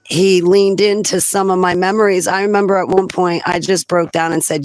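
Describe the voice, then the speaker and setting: A woman's voice: on the low side, fairly even intonation, a little fast, no echo, rough recording. Chatty woman vlogger, dry close sound. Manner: chatty, laughs often between thoughts. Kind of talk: rambling personal monologue.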